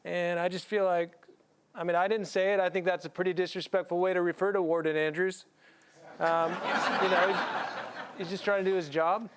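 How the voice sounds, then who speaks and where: A man from the United States, a comedian on a studio panel, joking in a deadpan way with playful swings in his voice. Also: sits high, normal speed, a little hiss or hum. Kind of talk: panel discussion with jokes.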